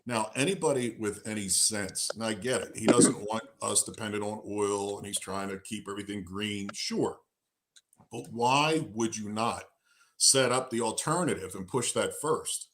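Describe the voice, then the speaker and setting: A man co-hosting a live talk show who tells animated, joking stories and argues his points emphatically. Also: lowish voice, normal speed, a little hiss or hum. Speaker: co-host. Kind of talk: casual chat.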